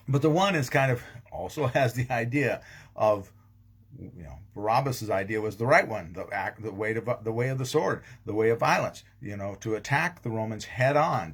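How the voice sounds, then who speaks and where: A man, a pastor, giving a casual daily devotional talk, rambling with frequent ums and restarts. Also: lowish voice. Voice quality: gravelly, husky.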